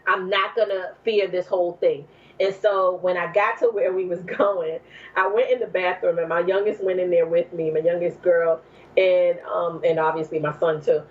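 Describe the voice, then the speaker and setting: A woman from New Jersey, a podcast guest, telling a personal story in an animated way, acting out what people said, with many fillers. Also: lowish voice, moderate pace, narrow, tinny audio. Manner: animated, acts out quoted speech, many fillers.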